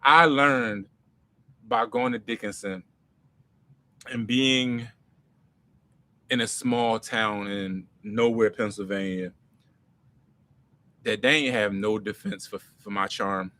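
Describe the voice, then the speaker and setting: Bright-voiced man telling stories. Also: on the low side, slow pace, long pauses. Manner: animated, slangy, swings loud and soft. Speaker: comedy writer and creator. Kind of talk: casual storytelling Q&A.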